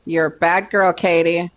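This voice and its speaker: A woman game streamer chatting casually and teasing her viewers and pets while she plays. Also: fairly low pitch. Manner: playful, teasing, drawn-out. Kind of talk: casual chat while gaming.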